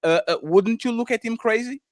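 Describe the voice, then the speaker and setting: A man's voice: very high voice, fairly quick, no room sound. A man co-hosting a heated panel debate over a video call, insistent and cutting in by repeating the other panelist's name. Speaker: co-host.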